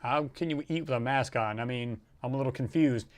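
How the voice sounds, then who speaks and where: A man hosting a casual livestream, rambling and animated as he reads out viewer comments and reacts to them. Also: medium pitch, brisk. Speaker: livestream host.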